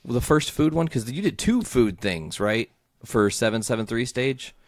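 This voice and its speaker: A man hosting a podcast, chiming in with quick reactions and laughing along in casual chat. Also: mid-range voice, animated, no echo, studio quality. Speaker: podcast host.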